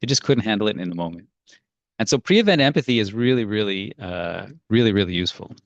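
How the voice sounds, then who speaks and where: A man's voice: fairly low pitch, animated, quick pace, no echo, dull audio. A man teaching parents a strategy in an earnest, storytelling way. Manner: earnest, storytelling with acted-out quotes. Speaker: parenting coach.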